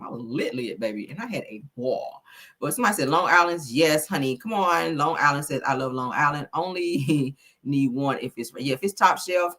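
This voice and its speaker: A woman's voice: low-pitched, lively intonation, fairly quick, a bit bright. Sassy, profane woman gossip host. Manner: profane, sassy, chatty, reads viewer comments aloud. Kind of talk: casual live-stream gossip chat.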